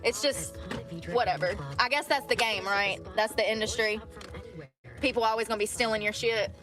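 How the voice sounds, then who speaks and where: A woman's voice: on the high side, moderate pace, over music. A woman vlogging casually from her car, chatty and blunt, swearing freely. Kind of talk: casual chat while driving.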